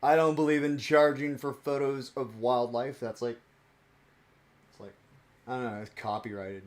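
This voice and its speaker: A man's voice: mid-range voice, flat delivery, normal speed, a little mellow. A young man chatting casually on a stream while opening trading cards, rambling and playful and laughing often.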